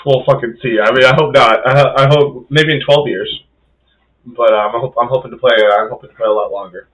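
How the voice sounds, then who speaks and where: A man's voice: medium pitch, fairly even intonation, a little fast, fairly bright tone, lo-fi sound. A young man, a podcast co-host and rugby player, telling a story in casual chat with plenty of swearing and filler words.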